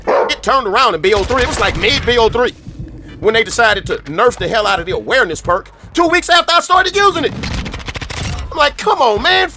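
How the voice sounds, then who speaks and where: A man's voice: very high voice, sing-song, quick pace, sharp tone, a little hiss or hum. A man giving blunt, frustrated commentary about a game, swearing casually. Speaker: gaming commentator in a played clip. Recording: music playing clearly underneath.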